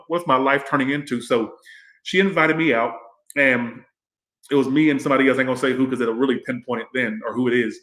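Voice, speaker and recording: A man's voice: mid-range voice, a bit bright. A man hosting a casual livestream tarot reading. He rambles and swears freely as he chats with viewers. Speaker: tarot reader and livestream host. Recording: echoey room.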